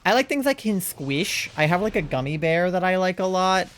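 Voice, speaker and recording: A woman's voice: fairly low pitch, lively intonation, moderate pace. A woman streaming a game from home and chatting casually with a playful, teasing manner. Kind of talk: casual gaming stream chat.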